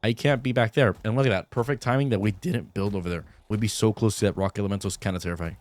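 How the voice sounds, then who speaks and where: A man's voice: lowish voice, fast, darkish tone, dry recording. A young man giving casual, rambling let's-play commentary with lots of fillers, still in his groggy morning voice. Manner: rambling, many fillers, easygoing. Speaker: gaming YouTuber.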